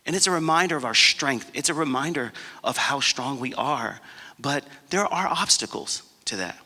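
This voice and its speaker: Bright-voiced man giving a keynote in a hall. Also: mid-range voice, lively intonation, moderate pace. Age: 40s. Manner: earnest, emphatic storytelling that acts out dialogue. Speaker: keynote speaker. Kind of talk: personal storytelling keynote speech. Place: large conference hall. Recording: long reverb of a conference hall.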